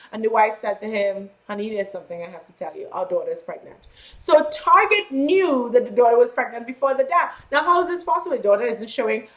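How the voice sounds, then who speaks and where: A woman lecturing a class in a conversational way, asking rhetorical questions and using fillers. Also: a little high.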